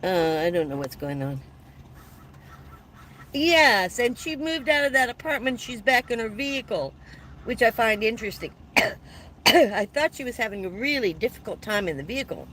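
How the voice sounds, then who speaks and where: Older lady in her 70s chatting on a van livestream, a bit high voice, faint hiss behind. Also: animated, moderate pace, pauses often, rough recording. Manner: chatty, warm thanks to viewers, frequent laughs. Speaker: livestream host. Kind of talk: casual live chat reading comments.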